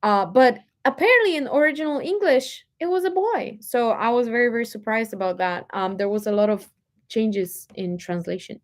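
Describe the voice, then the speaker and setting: A woman's voice: a little high, expressive, moderate pace. A young woman from Poland speaking English with a light Polish accent, chatting casually with viewers and answering their comments, with many fillers. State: dry throat, coughing. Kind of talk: casual chat.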